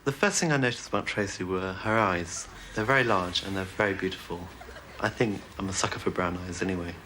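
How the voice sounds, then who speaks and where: A man's voice: low voice, a little fast, pushed and bright, poor audio. A man with an upper-class English accent, telling dry, understated stories in an interview and chuckling. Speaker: game show contestant. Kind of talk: casual interview anecdotes. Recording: very hissy old tape.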